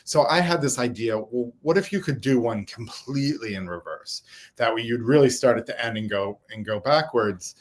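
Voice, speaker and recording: A man's voice: medium pitch, animated, moderate pace. A man guesting on an interview show, talking in a thoughtful, explanatory way. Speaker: author guest. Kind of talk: casual interview chat.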